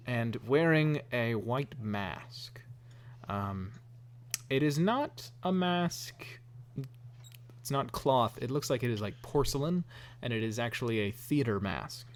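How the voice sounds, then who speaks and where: A man narrating as game master, relaxed and self-deprecating, with lots of ums. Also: medium pitch.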